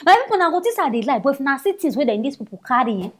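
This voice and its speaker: A Nigerian woman delivers casual news commentary, mocking and exclamatory as she talks. Her voice sits high and swings widely up and down. She keeps a chatty tone. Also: sing-song, rapid-fire, very noisy.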